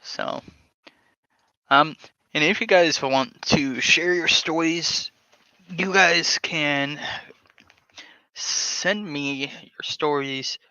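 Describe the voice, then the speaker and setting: A man hosting a podcast, talking casually and haltingly while reading text aloud from his screen. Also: on the high side, bright, forceful tone, smooth, dry recording. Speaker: podcast host. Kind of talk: casual screen-share talk. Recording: dull lo-fi sound.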